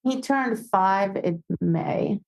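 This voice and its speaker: A woman dog obedience trainer, a guest on a casual podcast, telling animated stories and acting out quoted voices. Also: mid-range voice, very slow, vocal fry, poor audio.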